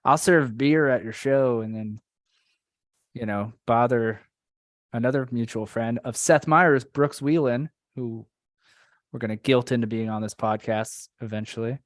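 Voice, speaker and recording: Man, mid pitch, podcast host, rambling chat, quick laughs, dry close sound. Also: steady tone, no echo.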